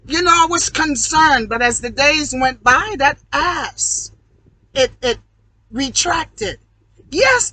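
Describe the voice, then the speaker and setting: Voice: mid-range voice, bright, forceful tone, no room sound, rough recording. A speaker in a heated, profane ranting monologue, preaching at the audience and swearing constantly. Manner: calls the audience "y'all". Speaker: online video host.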